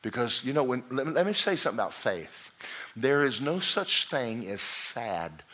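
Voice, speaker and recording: A man preaching a sermon who tells a parable with animated storytelling and acts out the voices of its characters. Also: medium pitch, moderate pace. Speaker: pastor.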